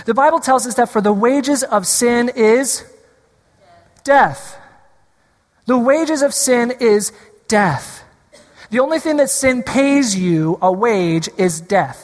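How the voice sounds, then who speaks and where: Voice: mid-range voice, big-room sound. A preacher delivering a sermon, repeating key lines for emphasis and drawing the congregation in.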